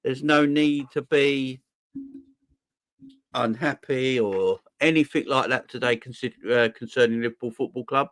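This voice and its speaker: Upbeat streamer, mid-pitched man, dry close sound, casual shout-outs to chat. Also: measured pace, dry recording. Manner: upbeat, shouting out viewers by name. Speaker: host of a football fan livestream.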